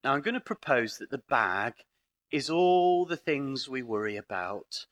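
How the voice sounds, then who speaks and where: A middle-aged British man with a medium-pitched, slightly bright voice speaks at a lively live conference held in a parish hall. He tells stories with dry humour and acts out the dialogue.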